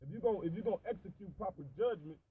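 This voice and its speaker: Casting: man, high husky voice, reads King James verses then explains casually. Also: rapid-fire, dark tone, poor audio. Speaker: religious discussion participant. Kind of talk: casual chat and scripture reading.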